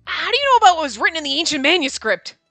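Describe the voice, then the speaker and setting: A woman's voice: very high voice, big pitch swings, racing, sharp tone, no echo, faint music behind, voice pushed up, heavily acted. A woman reading an earnest, anxious young man's lines aloud in a raised, eager voice.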